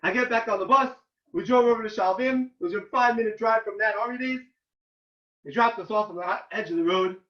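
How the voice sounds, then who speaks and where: A man, a rabbi, giving an informal talk to yeshiva students and telling animated stories in which he loudly acts out the quoted lines. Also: sits high, fairly quick. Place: room at a yeshiva. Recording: roomy, distant and dull.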